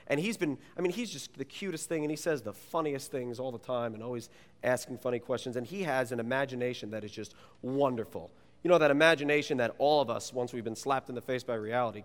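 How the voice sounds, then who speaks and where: A man, a youth pastor, preaching a sermon and telling stories in an animated, playful way. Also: mid-range voice. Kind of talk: sermon with personal storytelling. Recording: long reverb of a large hall.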